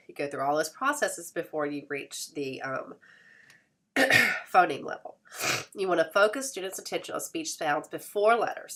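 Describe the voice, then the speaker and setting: A woman's voice: sits low, fairly bright tone. A woman instructor with a congested voice giving a recorded lecture, explaining step by step with fillers and self-corrections. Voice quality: occasional throat clearing.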